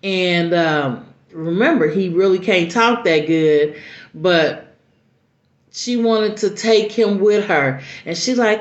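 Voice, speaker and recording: A middle-aged mother telling a personal story in an earnest, halting way with many restarts. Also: fairly low pitch. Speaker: mother sharing advice. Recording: roomy, dull lo-fi recording.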